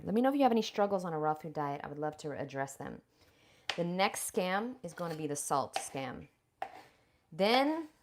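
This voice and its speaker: Outspoken woman host with a lowish voice, cursing freely as she preps food live in her kitchen, faint hiss behind her. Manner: blunt and profane, emphatic; chatty, addresses viewers directly. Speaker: raw vegan lifestyle vlogger. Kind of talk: casual livestream chat while cooking.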